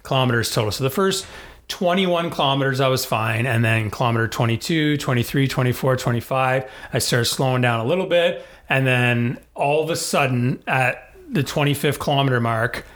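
A man's voice: medium pitch, normal speed, fairly bright tone. A man telling a personal story in a casual chat, rambling with many fillers and restarts.

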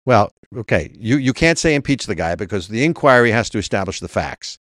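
A man's voice: fairly low pitch, lively intonation, brisk, a bit bright, dry recording, clean studio sound. A man co-hosting a political talk show, arguing emphatically and reading legal text aloud. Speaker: co-host.

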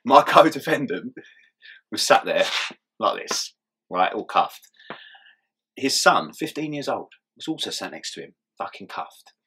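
A man's voice: on the low side, big pitch swings, unhurried, pauses often, pushed and bright, slight background noise. A young man telling his story in a casual interview, swearing and laughing as he goes. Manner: swears often and laughs through his story, mumbling asides. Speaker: interview guest.

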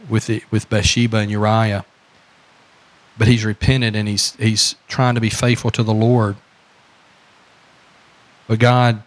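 A man with a Southern American accent preaching a sermon as pastor, repeating phrases and asking the congregation questions. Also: fairly low pitch.

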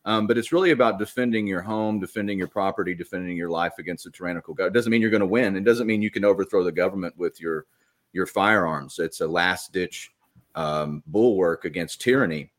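Middle-aged male co-host, low voice; measured, opinionated and hesitant. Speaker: podcast co-host. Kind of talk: casual political podcast chat.

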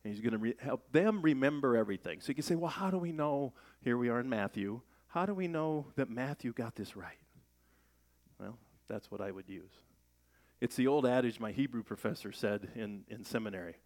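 A man's voice: medium pitch, animated, a little fast, a little mellow. A middle-aged man preaching a sermon in a conversational way, asking rhetorical questions and raising his voice for emphasis. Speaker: pastor.

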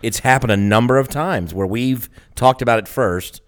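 A man co-hosting a podcast in casual chat, laid-back and agreeable, talking haltingly with lots of fillers. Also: medium pitch, smooth. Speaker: podcast co-host.

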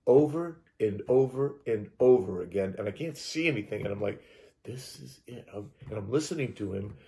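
A man's voice: fairly low pitch, animated, a little fast, warm tone. A man, a hypnotherapist, telling his experience in rambling first person, repeating and restarting words and acting out his own reactions.

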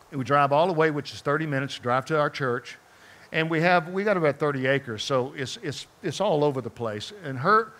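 A man preaching, telling a personal story in a conversational, animated way and asking the congregation questions as he speaks to them in church. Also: a little high. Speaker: pastor. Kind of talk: storytelling sermon. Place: church sanctuary before a congregation.

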